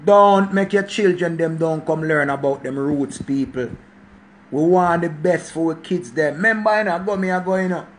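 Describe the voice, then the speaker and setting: High-voiced Jamaican man ranting. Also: normal speed, a little hiss or hum. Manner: preachy, emphatic, repeats points for stress. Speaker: channel host. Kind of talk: casual monologue rant.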